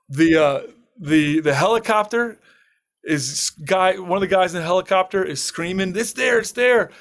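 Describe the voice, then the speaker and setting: The guest, a permaculture farmer and author with a voice on the high side, delivers an animated personal story in an interview. He acts out what others said and laughs a great deal as he goes.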